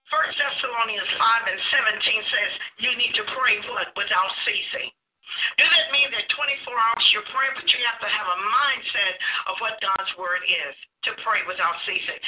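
A woman's voice: a little high, normal speed. A woman preacher delivering a sermon, asking the congregation questions and acting out everyday scenes. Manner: call-and-response questions, acts out everyday scenes. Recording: tinny phone line from far off, faint hiss.

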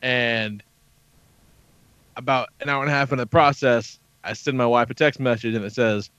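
A man's voice: medium pitch, steady tone, normal speed, a bit bright, no room sound. A man in his thirties hosting a podcast, telling a story in casual, profane chat full of quoted dialogue. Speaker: podcast host. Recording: dull lo-fi podcast audio.

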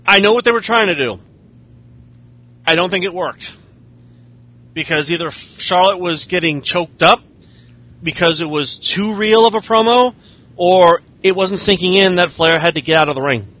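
A man's voice: high voice, moderate pace, long pauses, fairly bright tone. A man casually recapping wrestling shows in a sardonic, profane way. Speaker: podcast host.

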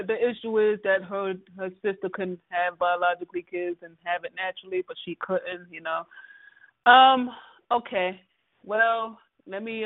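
A woman's voice: mid-range voice, no room sound. Sassy woman on a tinny line. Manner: blunt, sassy, exasperated. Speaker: podcast co-host. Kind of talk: casual soap opera recap chat. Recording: tinny phone-like line, dry.

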